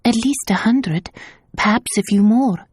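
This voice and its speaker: Woman reading as a higher, soft, eager young bride, loving and earnest, dry close sound. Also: a little slow, slightly rough, no echo. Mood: reassuring. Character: young newly married daughter, loving and earnest.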